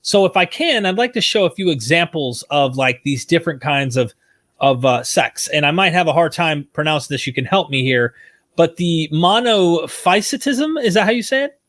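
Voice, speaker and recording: A man's voice: on the high side, animated, brisk, fairly bright tone. A man hosting an interview, asking questions in an eager, conversational way. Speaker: interview host. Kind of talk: casual interview talk.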